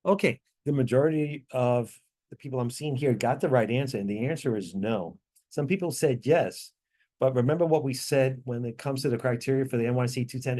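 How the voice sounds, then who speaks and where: A man's voice: medium pitch, dark tone. Man teaching an online tax class. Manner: apologetic, explains step by step with fillers. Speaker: tax training instructor.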